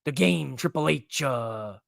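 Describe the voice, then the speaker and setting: A man doing a slow, pompous wrestling boss. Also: expressive, creaky, dry recording, clean studio sound, heavily acted. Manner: slow, deep, halting with many "uh"s. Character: impression of a slow, gruff middle-aged male wrestling boss.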